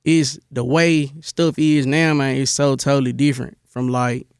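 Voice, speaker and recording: A young man from Memphis, telling his army stories in a relaxed interview, with a lot of "bro" and many restarts. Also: medium pitch, normal speed, clear, resonant tone, no room sound, studio quality. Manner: laid-back storytelling, lots of "bro" and restarts. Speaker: interview guest, army veteran. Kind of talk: casual interview.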